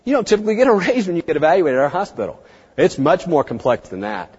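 A middle-aged man giving a seminar talk to an audience, chatty and animated, acting out the people he quotes. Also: on the high side, fast talker, slightly rough. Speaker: veterinary practice speaker. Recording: muffled, dull sound in a reverberant hall.

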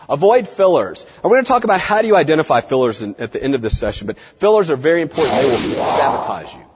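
A man working as a veterinary practice consultant, giving an emphatic seminar lecture and dropping his voice low for effect. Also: husky. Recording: dull lo-fi recording in reverberant hall.

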